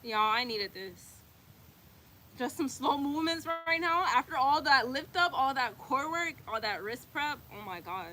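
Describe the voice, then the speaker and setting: Bright-voiced, winded woman yoga teacher. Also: high-pitched, animated, a little slow. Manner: encouraging, talks while doing the poses, casual slang. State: out of breath. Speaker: yoga instructor. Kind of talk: guided yoga class with breath cues.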